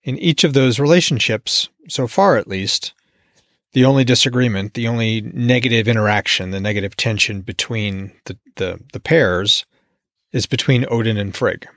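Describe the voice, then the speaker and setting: A man's voice: medium pitch, normal speed, fairly bright tone, no echo, clean studio sound. A man hosting a podcast, casually commenting on his own novel in a musing, wry, self-deprecating way. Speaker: podcast host and author.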